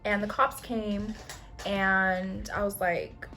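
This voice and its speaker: A young woman chatting casually while doing her makeup, telling a long story in an animated, slangy way, swearing often and acting out other people's lines. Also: medium pitch, slow pace, faint music behind. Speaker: beauty vlogger. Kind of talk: get-ready-with-me storytime.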